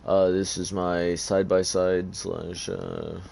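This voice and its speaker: A tired man talks through his game in a loose, rambling way, stopping often to hesitate. His voice sits very low and has a gravelly, fried edge. A faint background hum runs under his talk. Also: flat delivery, takes it slowly, a little mellow. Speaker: gamer. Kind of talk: casual gameplay commentary.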